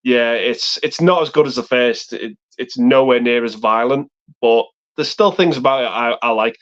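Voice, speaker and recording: A man in a loose, profane film chat on a live stream, wandering through his points and acting out movie lines. His voice sits at a middle pitch. The stream audio is muffled and lo-fi. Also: moderate pace, a bit bright.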